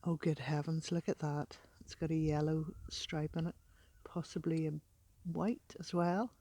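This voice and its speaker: Slow soft-spoken woman. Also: sits low, level tone. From Northern Ireland. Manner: soft-spoken, delighted exclamations, drifts to a near whisper. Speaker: beachcombing vlogger. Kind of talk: casual narration while walking. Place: outdoors on a rocky beach.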